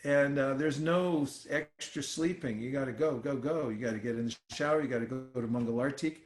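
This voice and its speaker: A man leading an informal scripture class, talking in a relaxed, conversational way with many fillers and restarts. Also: mid-range voice, fairly quick. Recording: roomy echoey sound.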